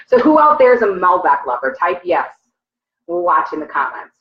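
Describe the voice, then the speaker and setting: A woman's voice: fairly low pitch, sing-song, normal speed. A woman co-hosting a casual wine tasting livestream at home, talking in a chatty, descriptive way with many "um"s. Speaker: co-host, mother. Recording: echoey room, dull lo-fi sound.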